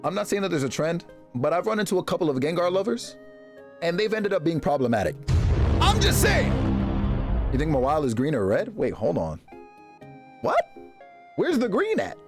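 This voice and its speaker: A man streaming live, chatting casually with his viewers and reacting to them in a jokey, animated way. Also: fairly quick, music in the background. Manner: animated, jokey, reacting to chat with big pitch jumps and laughs.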